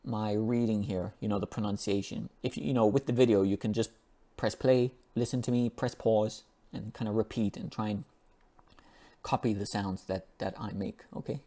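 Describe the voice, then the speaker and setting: A man with a fairly low voice gives a relaxed, unscripted English pronunciation lesson. He reads an article aloud and keeps stopping to repeat sounds and words slowly, so students can copy him. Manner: slow and repetitive, drawing out and repeating sounds. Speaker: English teacher.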